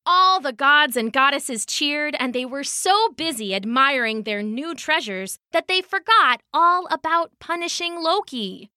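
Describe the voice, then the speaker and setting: A woman narrating a mythology story as scripted storybook reading, expressive and measured. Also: sits high, no echo, clean studio sound.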